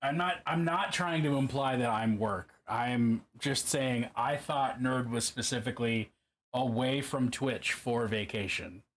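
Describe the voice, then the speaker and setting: A man's voice: mid-range voice, measured pace, slight background noise. A man casually chatting and swearing to himself while painting a miniature on a live stream. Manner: profane, joking, talks to himself while working.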